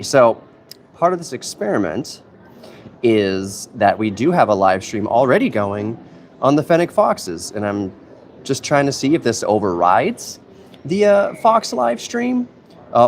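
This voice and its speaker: A man's voice: lowish voice, a little hiss or hum. A man hosting a casual live stream for a museum, thinking aloud in an easygoing, rambling way. He is speaking into a phone camera in an indoor museum hall with members of the public nearby. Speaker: museum content creator and live stream host.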